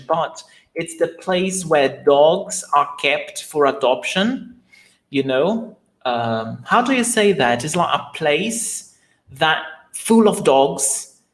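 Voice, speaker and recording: A man whose first language is Portuguese, teaching a live online lesson and patiently repeating words slowly for his learners. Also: on the high side.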